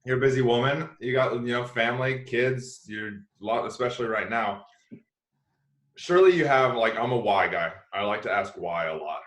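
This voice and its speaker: A man hosting a podcast interview, talking in a lively, rambling way with frequent restarts and laughs. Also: mid-range voice, normal speed. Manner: animated, repeats and restarts, laughs often. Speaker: podcast host. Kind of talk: casual interview chat. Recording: echoey room.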